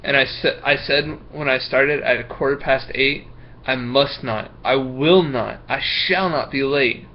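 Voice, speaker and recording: A man's voice: mid-range voice, a little slow, muffled recording, slight background noise, lightly acted. A man doing a stammering, nervous schoolboy. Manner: stammering, hesitant, fillers. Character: young schoolboy, nervous, full of excuses. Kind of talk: reading a picture book aloud.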